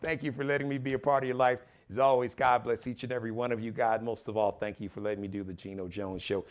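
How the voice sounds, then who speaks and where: A man hosting his own live show, talking with animated, preachy conviction and acting out other people's voices. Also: medium pitch, quick pace. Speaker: show host.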